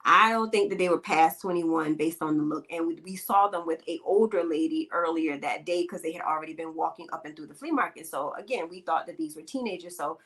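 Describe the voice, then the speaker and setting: A woman's voice: low-pitched, fairly quick, few pauses, fairly bright tone. A woman hosting a podcast, talking bluntly and emphatically in slangy, casual speech and telling stories into a microphone. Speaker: podcast host. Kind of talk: casual opinion talk and storytelling.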